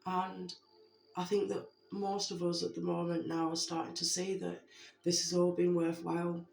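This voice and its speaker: A spiritual message giver speaking to viewers in a heartfelt way, gently repeating reassurances with many fillers. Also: mid-range voice, monotone, normal speed, creaky. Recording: roomy echo with faint background music.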